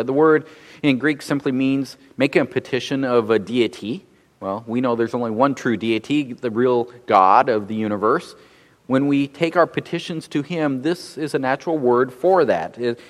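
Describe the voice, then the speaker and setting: Male pastor, mid-pitched, delivering a measured Bible sermon in a hall with long reverb. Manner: measured, frequent word repetitions.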